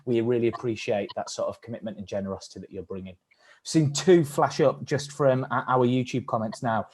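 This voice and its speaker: A man's voice: mid-range voice, fairly quick, darkish tone, breathy edge. A man from England co-leading a live-streamed acting workshop, speaking thoughtfully with some hesitant restarts. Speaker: workshop leader.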